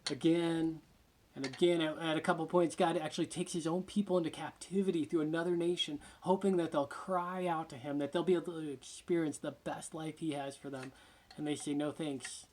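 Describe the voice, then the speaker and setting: Passionate preacher man with hushed drops. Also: a little high, fairly even intonation, a little fast, slight background noise. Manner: passionate, dropping to a hushed near-whisper for emphasis; repeats words while gathering his thoughts. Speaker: pastor. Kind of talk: sermon.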